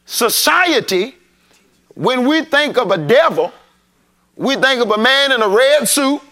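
High, bright-voiced preacher in full flow. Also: male voice, lively intonation, unhurried. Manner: preachy, call-and-response, rising to shouts. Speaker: pastor. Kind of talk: sermon. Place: church sanctuary.

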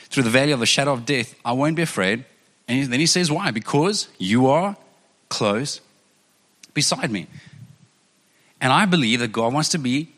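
A man's voice: fairly high pitch, pushed and bright, big-room sound. A man preaching as a pastor, earnest and conversational, often repeating phrases for emphasis. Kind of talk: sermon.

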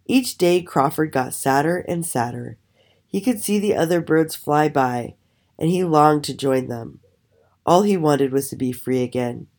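A woman telling a children's story aloud with an expressive, animated storytelling manner. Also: deep voice, a little slow. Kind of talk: storybook reading.

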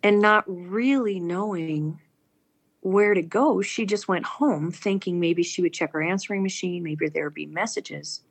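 A woman earnestly and animatedly tells a personal story aloud, acting out the people she quotes. Her voice is fairly low-pitched, a little slow, and slightly rough.

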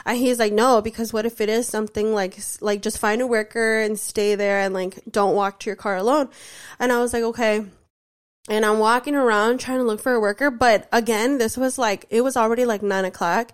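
Chatty higher-voiced woman telling a story. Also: steady tone, a little fast, smooth. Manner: chatty, fills speech with "like", acts out quoted voices. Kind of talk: casual storytelling chat.

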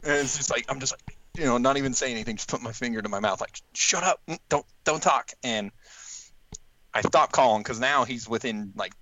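Male storyteller, casual and animated, slightly muffled recording. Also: mid-range voice, a little fast, slight background noise. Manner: animated, acts out quotes with laughs. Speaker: guest telling a hunting story.

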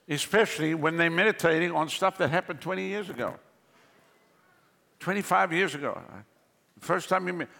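A man's voice: on the high side, creaky, fairly bright tone. A male pastor preaching a sermon, telling jokes and stories to the congregation in a large church hall. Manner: joking, storytelling preacher. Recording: long hall reverb.

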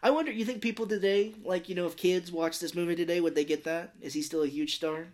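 A man co-hosting a casual movie podcast, chatting and acting out scenes in quick put-on voices. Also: high voice, fairly even intonation, a little mellow. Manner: jokey, acts out movie lines in quick voices. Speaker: podcast co-host. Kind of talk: casual movie review chat.

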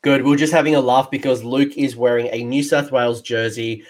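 A man with an Australian accent hosting a casual podcast chat as a tabletop game coach, jokey and excitable. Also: medium pitch, a little fast.

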